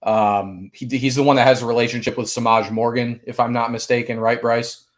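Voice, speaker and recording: A man co-hosting a sports podcast gives his view in a measured, steady way, often pausing on filler sounds. His voice sits at an ordinary middle pitch. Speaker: recruiting analyst co-host. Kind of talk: casual sports podcast chat.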